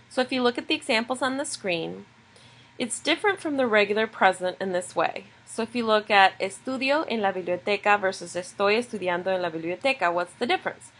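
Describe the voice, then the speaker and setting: A woman teaches a recorded video lesson. She explains each grammar point patiently and clearly, one step at a time, in a voice of ordinary pitch. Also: a bit bright, low-quality recording. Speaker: Spanish teacher.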